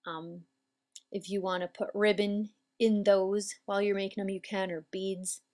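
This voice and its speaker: A woman calmly explaining hair braiding steps as an instructor, patient and methodical. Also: medium pitch, normal speed. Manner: calm, patient, step-by-step explaining. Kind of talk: instructional demonstration.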